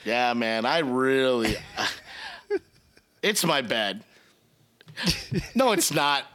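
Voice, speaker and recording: A man's voice: medium pitch, very animated, extremely slow, a bit bright. A man hosting a casual podcast, out of breath as he talks, laughing constantly and swearing freely in a jokey, self-mocking way. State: out of breath while talking. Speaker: podcast host.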